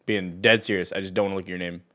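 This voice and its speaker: A man's voice: low voice, fairly even intonation, very fast, bright, forceful tone. A young man hosting a trading livestream, talking casually and ranting at viewers in chat with sarcasm and profanity. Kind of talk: casual live stream chat.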